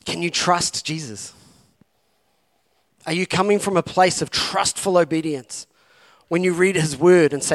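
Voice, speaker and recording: A man's voice: fairly high pitch, steady tone, unhurried, long pauses. A man preaching a sermon as campus pastor, urging his listeners on with impassioned, repeated calls. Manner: impassioned, repetitive exhortation.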